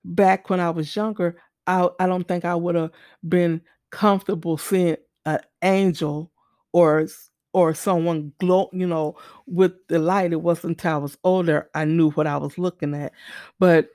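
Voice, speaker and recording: A woman's voice: fairly low pitch, steady tone, measured pace, darkish tone, no room sound, studio quality. A mother telling a faith testimony in an earnest, storytelling way, often repeating and restarting her words. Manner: earnest, repeats and restarts, acts out quoted voices.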